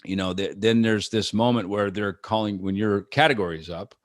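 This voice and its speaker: A man's voice: on the low side, brisk, no echo, studio quality. A man being interviewed over a video call, talking in a loose, rambling way with many fillers and restarts and acting out quotes. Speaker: rock musician guest. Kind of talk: casual interview chat.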